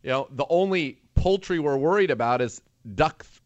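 A man's voice: a little high, animated, moderate pace, no room sound. Male sports radio host, dull dry sound. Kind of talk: casual sports talk.

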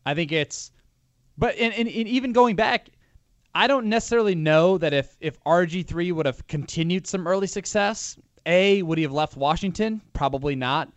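A man's voice: high voice, normal speed, dry recording. A man co-hosting a sports talk show, analyzing a football team in a rambling, opinionated way with frequent restarts. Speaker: sports radio co-host.

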